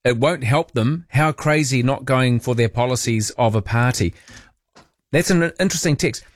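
A man's voice: mid-range voice, normal speed, no room sound. A man with a mid-range voice hosts talk radio from a studio. He is chatty and blunt and gives his opinions freely, recorded close and dry. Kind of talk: talkback radio hosting.

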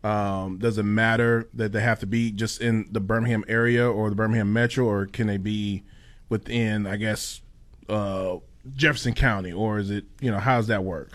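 Man, radio co-host, low voice, rambling questions. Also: fairly even intonation, moderate pace. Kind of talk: casual radio chat.

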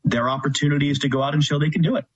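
A man, a play-by-play commentator appearing as a guest, breaking down the game in a measured way. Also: fairly high pitch, level tone, breathy edge, lo-fi sound. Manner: measured, analytical. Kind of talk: analytical sports talk.

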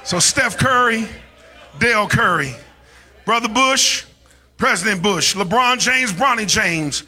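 A man preaching at full voice, his delivery rising into a chanted, sing-song whoop. His voice sits very high and cuts through bright and husky. Faint music plays underneath him. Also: animated, takes it slowly. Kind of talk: whooping sermon.

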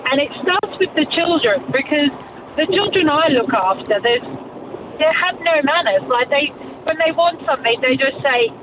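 A woman's voice: sits high, lively intonation, moderate pace, far from the mic, background noise. A woman, a nanny, calling a radio show, indignant and filling her speech with "like". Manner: indignant, says "like" a lot. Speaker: caller, nanny. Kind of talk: phone-in chat.

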